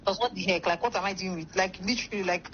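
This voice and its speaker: A woman's voice: mid-range voice, quick pace, a bit bright. A young woman, rambling through a casual story full of fillers. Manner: rambling, many fillers like "like" and "blah, blah". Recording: dull lo-fi sound with faint noise.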